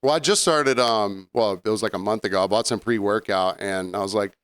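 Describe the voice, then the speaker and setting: A man's voice: on the low side, a little fast, clear, resonant tone, no echo. A man co-hosting a casual podcast, chiming in and sharing his own experience. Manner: relaxed, chimes in with short agreements. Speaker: podcast co-host. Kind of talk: casual chat.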